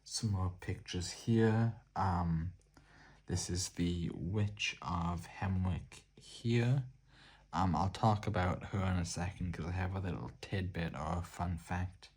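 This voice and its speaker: An Irish man hosting a soft-spoken art book showcase, relaxed and hesitant, pausing often with fillers. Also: sits low, slightly rough. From Ireland. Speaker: art book channel host.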